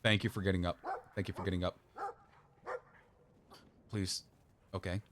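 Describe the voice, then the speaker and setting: A man's voice: low-pitched, noisy background. A man streaming a video game, rambling and joking as he plays and talking back to the characters on screen. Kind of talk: casual gameplay commentary.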